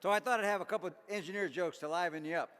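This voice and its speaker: Older man, raised pitch, folksy deadpan joke teller, banquet speech, ringing hall reverb. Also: racing, a little hiss or hum. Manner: folksy, deadpan punchlines, chuckles at own jokes. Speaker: Army general giving a dinner speech. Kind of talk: after-dinner joke telling.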